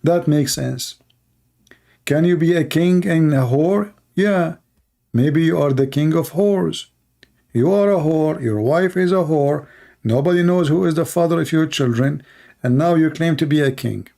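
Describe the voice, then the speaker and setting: A man's voice: a little high, a little slow, vocal fry, dark tone. A man from the Middle East with a Middle Eastern accent, mocking in blunt broken English on a livestream. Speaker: host. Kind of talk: livestream commentary.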